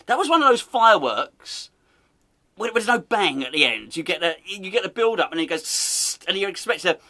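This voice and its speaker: A man's voice: high-pitched, big pitch swings, brisk, bright, forceful tone. A man hosting a casual comedic football podcast, teasing and laughing as he talks. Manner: amused, teasing, laughs often, chatty. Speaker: podcast host.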